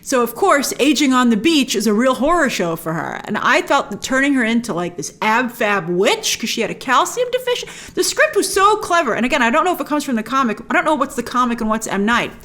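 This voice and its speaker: An animated woman talks through a film review in a casual, emphatic way, often restarting her sentences. Her voice sits a little high for a woman. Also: a little fast, hardly any pauses. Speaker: movie review host.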